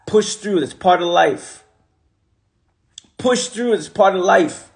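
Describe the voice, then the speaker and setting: A man with a fairly high voice speaks into his phone on a livestream and gives a motivational talk. He hammers each point by repeating it, with a preachy, casual delivery full of street slang. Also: expressive, slow, creaky. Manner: repetitive, emphatic, preachy.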